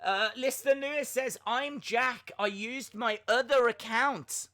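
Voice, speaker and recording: A young man hosting a live wrestling watch-along, chatting excitedly, rambling and flustered as he reads viewer comments. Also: very high-pitched, measured pace. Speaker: livestream host reacting to wrestling.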